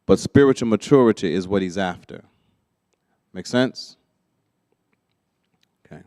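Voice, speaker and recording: A man's voice: fairly low pitch, a little slow, dark tone, no echo, studio quality. A man leading a church teaching workshop, conversational and often checking that listeners follow. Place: church classroom.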